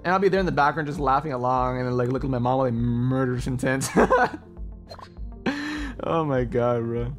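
A man's voice: medium pitch, fairly even intonation, a little fast, pauses often, faint music behind. A man streaming a game and chatting casually, telling stories animatedly, laughing often and calling people bro. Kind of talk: casual gaming stream chat.

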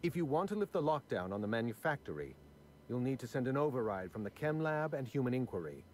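A man's voice: mid-range voice, big pitch swings, fast talker, a little mellow, slight background noise, natural voice. An actor playing a prim, numbers-obsessed aristocratic man in video game dialogue, fussy and condescending with precise diction. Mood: dry.

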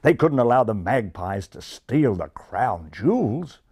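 A man reading a children's storybook aloud in a measured way. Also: lowish voice, very animated, darkish tone, husky. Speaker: narrator. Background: faint music.

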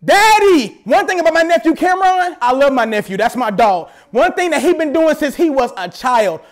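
A man preaching a sermon as pastor at a church service, animated, with playful asides. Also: very high voice, a little fast.

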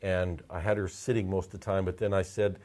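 A man with a very low voice tells a heartfelt story in a casual interview. He halts and repeats words often, sometimes getting choked up, and speaks. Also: flat delivery, a little mellow. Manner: halting, repeats words, emotional. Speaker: portrait photographer, interview guest.

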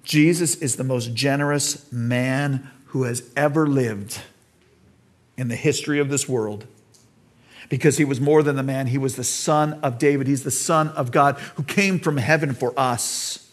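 A man's voice: medium pitch, unhurried. Man preaching an earnest sermon. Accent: American. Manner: earnest preaching, acts out quoted dialogue. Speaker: pastor. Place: church.

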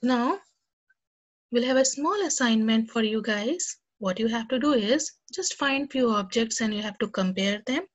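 A woman's voice: fairly high pitch, lively intonation, normal speed. A woman teaching a lesson to young children and reading them a story, talking to them cheerfully and directly. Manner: cheerful, speaks directly to kids.

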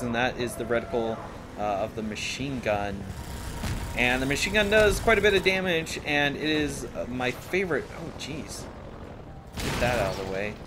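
A man's voice: medium pitch, noisy background. Playful man rambling over gameplay. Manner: rambling, playful, jokes at himself. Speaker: let's play host. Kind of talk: gameplay commentary. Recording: game sounds under the voice.

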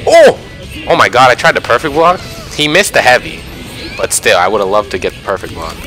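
A young man giving excited, self-mocking commentary over his own online fighting game matches, often yelling at big moments. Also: mid-range voice, quick pace. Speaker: gaming YouTuber. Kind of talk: live gameplay commentary. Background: background music.

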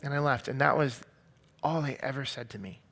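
A man's voice: mid-range voice, brisk, a bit bright. A man giving an earnest, confessional personal testimony as a sermon. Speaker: speaker sharing his testimony.

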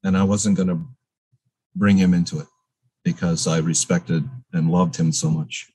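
A man's voice: sits low, fairly even intonation, normal speed, a little mellow, breathy edge, dry recording, low-quality recording. A man guest in a casual interview, telling rambling stories full of fillers and restarts.

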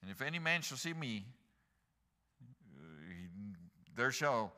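A man preaching a sermon as pastor, animated, rising to loud emphatic peaks and joking asides with the congregation. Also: mid-range voice, slow pace. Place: church sanctuary. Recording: long church reverb.

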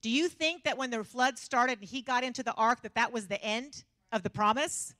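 Bright-voiced woman preaching. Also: fairly high pitch, moderate pace, dry recording, clean studio sound. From Texas. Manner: animated, self-mocking storytelling with frequent laughter. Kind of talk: humorous sermon.

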